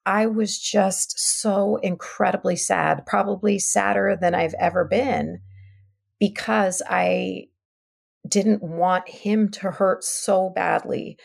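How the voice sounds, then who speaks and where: A woman's voice: medium pitch, steady tone, slow pace, gravelly. A middle-aged woman, a podcast guest, telling a painful family story in a candid, heartfelt way, trailing off and restarting her thoughts. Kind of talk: emotional personal interview.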